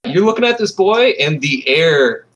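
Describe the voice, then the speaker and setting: A man's voice: on the high side, sing-song, moderate pace, a bit bright, low-quality recording. A man running a tabletop role-playing game as game master, narrating casually.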